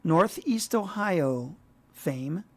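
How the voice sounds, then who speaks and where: Gravelly middle-aged man radio host. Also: high voice, expressive, drawn-out words, darkish tone. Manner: easygoing, friendly banter. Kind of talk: casual on-air chat. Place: radio studio.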